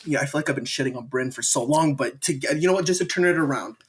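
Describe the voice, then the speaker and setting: A man's voice: medium pitch, quick pace. A young American man, a podcast guest, telling travel stories in casual, rambling chat full of slang. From United States. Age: young adult. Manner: rambling, animated storytelling with slang.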